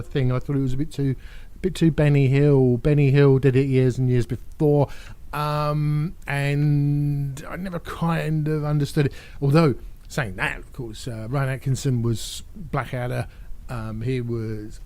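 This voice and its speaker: A man's voice: mid-range voice, darkish tone. A man hosting a casual Q&A vlog, wandering off topic with jokey, self-mocking asides. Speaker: YouTube host answering viewer questions.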